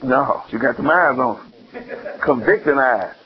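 A male preacher giving an animated sermon, acting out the scenes and putting questions to his listeners. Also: medium pitch, measured pace, highs cut off, crowd noise.

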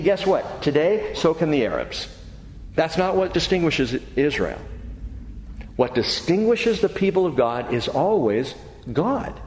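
A pastor delivers an animated sermon, his voice sitting slightly high and leaping around in pitch. He drops low and soft for scripture, then climbs for excited asides. A long reverb rings through the echoey hall. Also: a little hiss or hum.

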